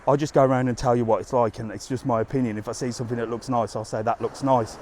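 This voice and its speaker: Walking along a seafront outdoors, a man livestreams as a travel vlogger, chatting bluntly and casually into a handheld phone. His medium-pitched voice is steady, quick, and a little mellow. Slight background noise can be heard.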